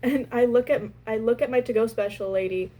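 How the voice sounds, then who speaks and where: Young woman with a higher voice. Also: a little fast, poor audio. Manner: animated, exasperated retelling. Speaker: storyteller. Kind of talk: casual storytime.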